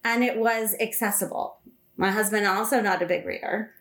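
A woman chatting casually about a book and parenting, animated and quick to laugh. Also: medium pitch. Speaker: podcast guest. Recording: roomy echo.

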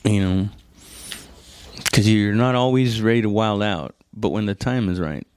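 Man, podcast host type, lowish voice, swears a lot, loose rambling comic monologue, dry close sound. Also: measured pace, darkish tone, clean tone, no room sound. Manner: profane, rambling, restarts and self-corrections; laid-back, addresses listener as "dude". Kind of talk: casual comedic monologue.

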